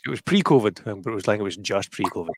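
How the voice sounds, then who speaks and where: Man, Glaswegian accent, low voice, dry close mic, casual rambling film chat. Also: expressive, racing, husky, no echo. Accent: Glaswegian, softened. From Scotland. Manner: rambling, restarts, self-deprecating. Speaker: guest commentator. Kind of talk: casual watch-party chat.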